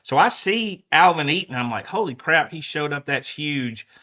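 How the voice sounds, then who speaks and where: A man with a bright, forceful tone tells lively stories on a sports talk show. He goes from low murmurs to excited bursts. The sound is muffled and lo-fi. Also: moderate pace. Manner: lively storyteller, swings from quiet to loud. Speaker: guest reporter. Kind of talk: casual sports talk storytelling. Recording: muffled lo-fi audio.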